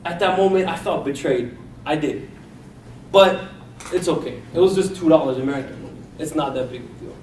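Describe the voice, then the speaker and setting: A man's voice: on the high side, a little fast, a little mellow, slight background noise. A man from India telling a personal story as a contest speech, acting out the people in it. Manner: personal anecdote with acted-out quotes. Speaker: contest speaker. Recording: echoey room from a distance, faint ambience.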